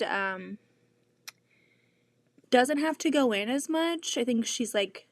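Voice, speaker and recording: A woman hosts a casual quilting live stream from her home sewing room. She talks slowly in a fairly high voice and chats with viewers, often using "like" as a filler. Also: no echo. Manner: chatty, with frequent "like" fillers.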